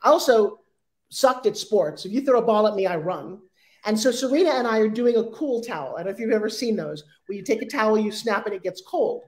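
A woman in her sixties speaking as an interview guest, animated and acting out sales pitches in quoted voices. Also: fairly quick. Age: 60s. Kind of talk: energetic interview talk.

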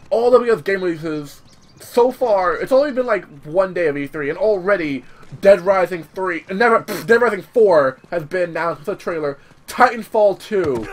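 Young male let's-play host, casual and swearing, restarts often, slightly high voice. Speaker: gaming channel host.

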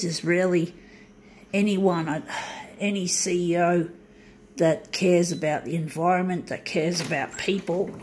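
A woman's voice: medium pitch, a little hiss or hum, rough recording. A woman with an Australian accent who grumbles sarcastically and swears freely in a casual ranting monologue, talking to her viewers over a copier. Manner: profane, sarcastic griping. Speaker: vlogger. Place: room with a running copier.

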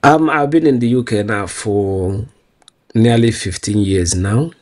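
A man's voice: on the low side, unhurried, a little mellow. A man from Nigeria with a Nigerian accent, answering interview questions in an earnest, proud way and laughing easily. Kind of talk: casual street interview.

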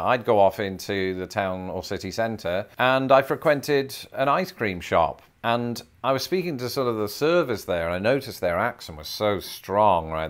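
An Englishman chats straight to camera in a comedic vlog, his voice sitting on the lower side. His humor is dry and self-deprecating, with jokes delivered matter-of-factly. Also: clear, resonant tone. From England. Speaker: YouTuber. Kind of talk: comedic talking-head vlog.

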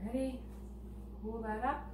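A woman children's librarian leading a baby storytime, reading aloud and singing nursery songs in a gentle, playful way. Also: on the high side, fairly even intonation, a little slow, reverberant, noisy background. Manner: sing-song, gentle and playful, talking to toddlers.

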